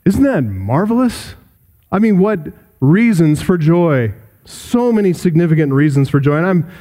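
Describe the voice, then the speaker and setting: A man's voice: fairly high pitch, dark tone. A man preaching a sermon in earnest, building points through emphatic repetition and reading scripture aloud. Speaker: pastor.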